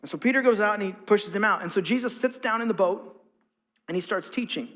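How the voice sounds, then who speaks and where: High-voiced pastor preaching in a hall. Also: male voice, brisk, a bit bright. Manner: conversational, acts out quotes. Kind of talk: sermon.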